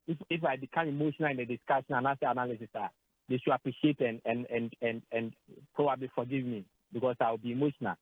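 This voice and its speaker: A man's voice: a little high, no echo, narrow, tinny audio. A man with a Ghanaian accent talking sports on the radio, getting emotional, hesitating and repeating words as he switches between Twi and English. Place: radio studio.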